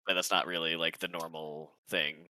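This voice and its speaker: A man running a tabletop game as game master, in a relaxed, rambling way. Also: rumbling low, normal speed, dry recording, low-quality recording.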